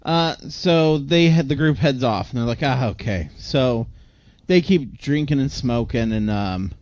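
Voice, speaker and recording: A man's voice: medium pitch, unhurried, a little mellow, lo-fi sound. A man co-hosting a podcast, recapping a movie in casual chat, rambling with lots of filler words. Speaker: podcast co-host.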